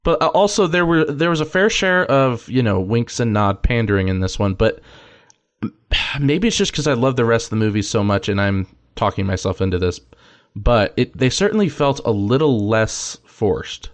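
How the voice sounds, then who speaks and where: Low-voiced man giving emphatic opinions. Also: animated, normal speed. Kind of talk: casual podcast discussion.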